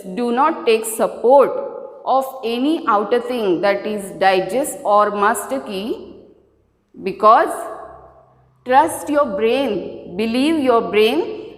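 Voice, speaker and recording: A woman with an Indian English accent teaching a grammar lesson to students, drawing out each word slowly as she splits it. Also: a little high. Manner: slow, drawn-out spelling of words. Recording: echoey room with long reverb.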